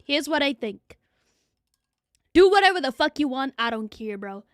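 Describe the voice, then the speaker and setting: A woman's voice: high-pitched, big pitch swings, moderate pace, dry recording, studio quality. A young woman streamer chatting casually with her viewers, blunt and profane, laughing often. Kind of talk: casual livestream chat.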